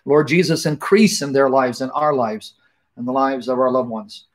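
A man's voice: medium pitch, moderate pace. A middle-aged man hosting a live online talk, joking casually with viewers and then praying fervently in long, repetitive invocations. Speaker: livestream host.

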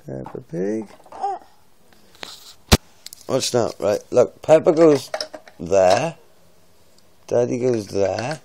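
A father in a casual home video, gently and playfully coaxing his toddler through opening a present. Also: medium pitch, lively intonation, extremely slow, vocal fry, long pauses, background noise. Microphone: phone.

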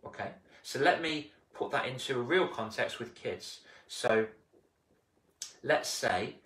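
A man coaching casually on a live stream, animated, acting out little scenes and repeating himself. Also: mid-range voice, slow. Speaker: confidence coach. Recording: roomy, distant mic.

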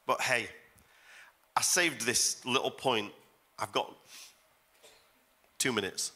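A man's voice: medium pitch, takes it slowly, pushed and bright. A middle-aged man preaching as a guest pastor at a church service, emphatic and repeating phrases for effect. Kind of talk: sermon.

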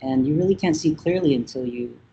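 A man's voice: medium pitch, fairly quick, vocal fry, dark tone, slight background noise. Thoughtful Vietnamese-born man, dull remote audio. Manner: thoughtful, hesitant with many fillers. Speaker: musician guest. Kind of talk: casual interview talk.

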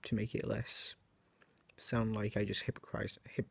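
A man's voice: lowish voice, flat delivery, unhurried, creaky, slightly rough, no room sound. A teenage man talking to camera in a rambling, hesitant monologue, correcting himself often and filling gaps with "um" and "like". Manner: rambling, hesitant, self-correcting, with frequent fillers. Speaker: video creator.

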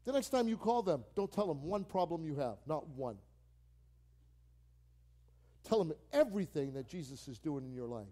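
A male pastor delivers a lively sermon with a fairly high voice for a man. He leans on repetition to drive his points home and slips into playful voices when he acts out phone calls. It sounds like a church service. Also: moderate pace, pauses often. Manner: animated, repeats key phrases for emphasis.

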